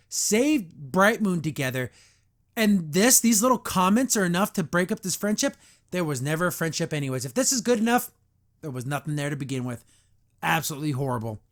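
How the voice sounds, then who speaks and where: A man's voice: a little high, fairly bright tone. A man hosting a podcast, giving a casual review with exasperated, sarcastic commentary full of "like" fillers. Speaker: podcast host reviewing a cartoon.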